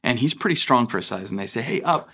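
A man's voice: medium pitch, expressive, fast talker, sharp tone, a little hiss or hum. A young adult man, a pastor, giving a conversational sermon with fillers and restarts.

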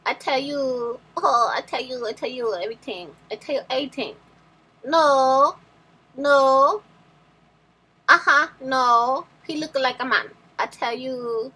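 A woman's voice: high voice, measured pace, bright, forceful tone, slightly rough, exaggerated voice, low-quality recording. A woman doing a chattering gossip in broken English. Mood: gossipy. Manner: repeats herself, chattering.

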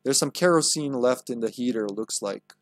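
A man's voice: mid-range voice, moderate pace, dry recording, lightly acted. A man voicing a teenage girl heroine with a folksy Southern drawl, spinning tall tales.

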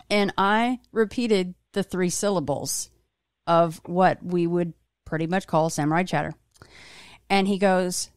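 Woman host, lower voice, chatty storyteller, dry sound. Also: measured pace, a little mellow, clear, resonant tone, dry recording. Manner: chatty, storytelling, many restarts. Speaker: podcast host. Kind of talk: casual interview chat.

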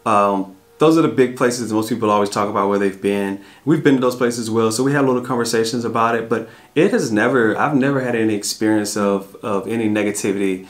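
A man's voice: fairly low pitch, quick pace, hardly any pauses. An American man from Arkansas chatting casually in a family Q&A, often repeating words and restarting his sentences. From Arkansas, USA. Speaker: family vlog co-host. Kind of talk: casual Q&A chat.

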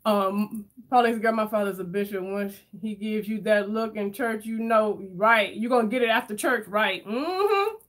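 A woman chatting casually with her viewers while doing her makeup, telling stories in an animated way and reading their comments aloud. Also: medium pitch, normal speed, hardly any pauses. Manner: chatty, animated storyteller, addresses viewers as y'all. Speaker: beauty vlogger reading live chat.

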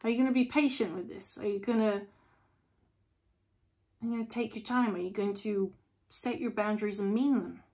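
A woman's voice: medium pitch, moderate pace, pauses often, a little mellow. A woman chatting through a casual tarot reading, asking lots of rhetorical questions. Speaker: tarot reader.

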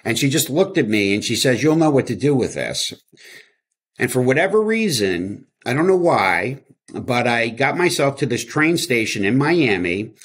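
A man's voice: mid-range voice, a bit bright, slightly rough. Candid man rambling through his story. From New Jersey. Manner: rambling and candid, with many fillers and acted quotes. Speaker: interview guest. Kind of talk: casual storytelling.

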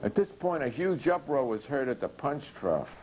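A man reading a chapter of his own comic novel aloud in a dry, steady, deadpan way. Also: medium pitch, normal speed, a little hiss or hum, poor audio.

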